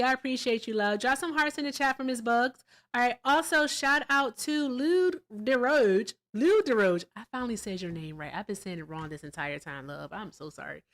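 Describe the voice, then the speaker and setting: Animated, gushing woman livestream host. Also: a little high. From Virginia. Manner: animated, gushing thanks to viewers, swings between loud excitement and quiet asides. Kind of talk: casual livestream chat.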